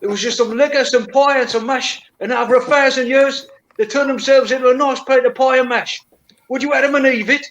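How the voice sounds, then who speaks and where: Man doing a jokey market type, raised pitch, cheeky and bouncy. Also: steady tone, a little fast, fairly bright tone, rough recording. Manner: jokey put-on voice, drops into a character.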